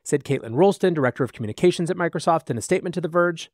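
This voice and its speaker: Fast-talking male news podcast host. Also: fairly high pitch, lively intonation, darkish tone, no room sound, clean studio sound. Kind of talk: AI news commentary.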